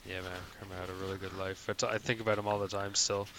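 Bright-voiced man telling stories casually. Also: lowish voice, very fast, a little hiss or hum. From Canada. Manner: animated storyteller, acts out voices in anecdotes. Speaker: podcast host. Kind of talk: casual chat among friends.

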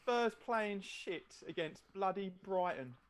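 A man's voice: sits high, animated, slow pace, smooth. A man doing a jokey, teasing football chat on a podcast. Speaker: podcast co-host.

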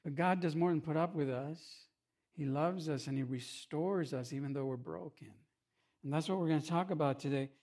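A pastor delivers a loose, conversational sermon full of jokes and quick asides to his listeners. His voice sits a bit higher than most men's. It rises and swells as he tells his stories. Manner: humorous, animated storytelling with asides.

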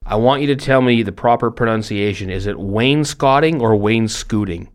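A man's voice: mid-range voice, quick pace. A middle-aged man hosting a podcast in casual chat, rambling and self-deprecating, often stumbling over his words. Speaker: podcast host.

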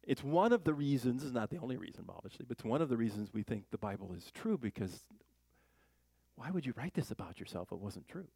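A male Bible teacher with a gravelly, low-textured voice, recorded close and dry. He reads scripture aloud, then comments on it in a loose, conversational way. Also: big pitch swings, quick pace, mellow, no echo. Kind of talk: casual verse-by-verse Bible teaching.

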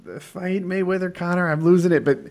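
A man in casual chat, telling fight stories in an animated, excitable way. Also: high-pitched, brisk.

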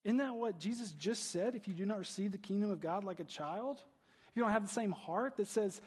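A man's voice: high voice, a little fast, husky, in a large hall. A male pastor preaching a conversational sermon, asking rhetorical questions and often adding "right?".

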